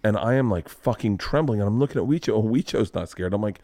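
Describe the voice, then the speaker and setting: A man's voice: fairly low pitch, animated, quick pace, hardly any pauses, mellow, dry recording, studio quality. A man hosting a podcast, telling rambling, profane stories in casual chat. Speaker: podcast host.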